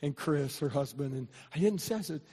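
Older pastor guy preaching, kinda high voice, lots of "and, and", gets shouty, big echoey church. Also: expressive, fairly quick, slightly rough. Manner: repetitive restarts, building to loud preaching. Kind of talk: sermon storytelling. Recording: long hall reverb.

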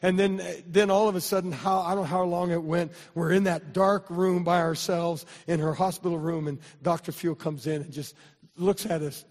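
An older man, a pastor, telling a personal story in a sermon, with many restarts, building to loud, fervent preaching. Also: high voice, fairly even intonation, normal speed. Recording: long hall reverb.

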